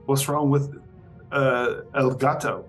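A man's voice: medium pitch, steady tone, slow pace, a bit bright, faint music behind. A man playing a tabletop game, chatty and playful in character. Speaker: player. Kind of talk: tabletop role-play, in character.

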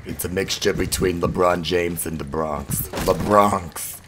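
Man putting on a gravelly old Bronx smoker lady. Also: deep voice, steady tone, a little slow, very noisy, voice pushed down. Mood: sassy. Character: old chain-smoking woman from the Bronx.

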